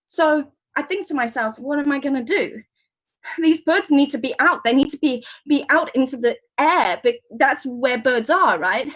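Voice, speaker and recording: A woman on a video call playing a scatterbrained, excitable woman who is failing her bird science course, rambling and flustered in an improvised comedy scene. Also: high voice, normal speed. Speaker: improv performer. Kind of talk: improvised first-person storytelling.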